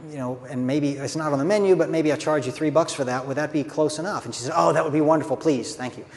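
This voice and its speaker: A man telling a story in a conversational, earnest way, sometimes giving a brief laugh. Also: mid-range voice. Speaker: speaker, author. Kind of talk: storytelling talk. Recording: long reverb, faint background noise.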